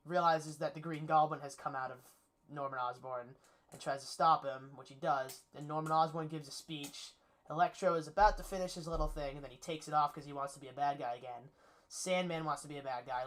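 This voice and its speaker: A man's voice: a little high, a bit bright. A man giving a casual spoiler recap of a movie's plot, eager and rambling, with lots of fillers. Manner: enthusiastic, rambling, with many fillers. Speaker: movie reviewer.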